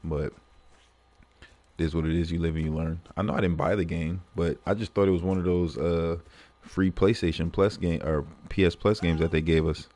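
A man streaming games, telling stories in a profane, animated way and laughing often between lines. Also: sits low, moderate pace. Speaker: gaming livestreamer. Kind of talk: casual livestream commentary.

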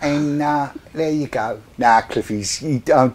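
A man's voice: medium pitch, a little slow, darkish tone. A man co-hosting a web chat show, teasing and joking in casual banter. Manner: jokey, teasing. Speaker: co-host of a vaping web show.

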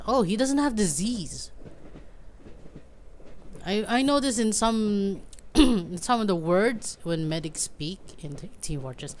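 A young woman casually commenting on a game she plays, chatty and self-deprecating, often clearing her throat. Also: mid-range voice, lively intonation, slow pace, darkish tone, a little hiss or hum. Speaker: let's play host. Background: faint game music.

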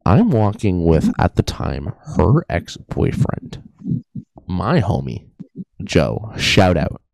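A man's voice: low voice, wildly swooping pitch, takes it slowly, gravelly, darkish tone, dry recording. A young man co-hosting a podcast, telling a rambling story in a casual, joking way. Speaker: podcast co-host. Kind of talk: casual chat.

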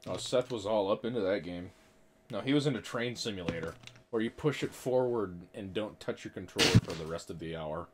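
A young man in casual gaming chat with friends, excitable and swearing at the game over headset voice chat. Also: on the low side, a little fast, very noisy. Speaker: gamer.

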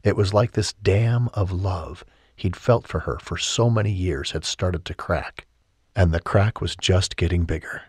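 A man narrating a romance audiobook in a calm, measured and soft manner, on a close studio mic. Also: deep voice, slightly rough, dry recording. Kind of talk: scripted narration.

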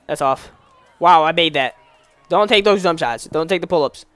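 A young man giving casual commentary while playing a basketball video game, slangy and excitable, calling out plays to the game. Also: a little high, moderate pace, clean tone, dry recording. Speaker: gaming YouTuber.

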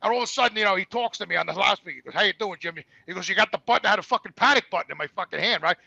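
Gravelly, high-pitched New man. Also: racing, dry recording, dull audio. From New York. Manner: animated, profane storyteller. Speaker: guest. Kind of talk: casual storytelling.

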